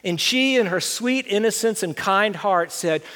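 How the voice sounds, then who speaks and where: A middle-aged man telling a personal story to an audience, animated and self-deprecating. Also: sits high, measured pace. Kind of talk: storytelling talk with slides. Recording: long hall reverb.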